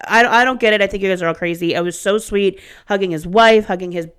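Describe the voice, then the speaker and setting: A woman's voice: mid-range voice, fast, few pauses, clear, resonant tone. A woman in her thirties co-hosting a podcast, chatting casually and swearing freely as she tells stories. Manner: profane, animated storyteller. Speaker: podcast co-host. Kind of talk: casual chat.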